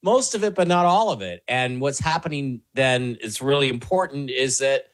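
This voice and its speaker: The speaker is a male talk show guest whose earnest replies meander through many fillers and restarts in a conversational way. He talks at a medium pitch, slightly bright.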